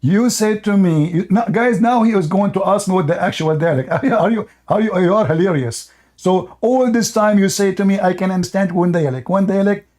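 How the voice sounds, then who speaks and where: A high-voiced man hosts a heated online debate. He is mocking and combative and talks right over his opponent. He keeps pressing his point. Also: a little fast, few pauses, a little mellow. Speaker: debate host. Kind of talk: heated live-stream debate.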